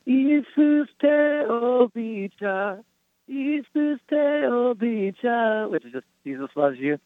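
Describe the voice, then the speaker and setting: A man sharing an earnest personal testimony on a faith podcast, telling his story with halting restarts. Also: medium pitch, no echo. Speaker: guest. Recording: tinny phone-like line.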